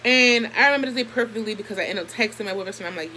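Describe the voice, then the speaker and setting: A young woman vlogger telling a story in a casual, animated and heavily profane way. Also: medium pitch, rapid-fire, hardly any pauses, slight background noise, rough recording. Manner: profane, animated, emphatic retelling.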